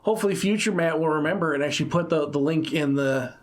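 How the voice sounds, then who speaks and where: A man's voice: fairly high pitch, fast. A man co-hosting a casual gaming podcast, who laughs often and repeats words as he talks. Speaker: podcast co-host. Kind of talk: casual chat about video games.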